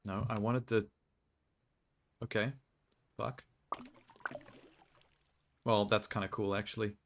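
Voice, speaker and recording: A man's voice: on the low side, flat delivery, slow, a little hiss or hum. Joking male streamer. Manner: rambling, joking, laughs often. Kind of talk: casual live-stream chat while playing a game.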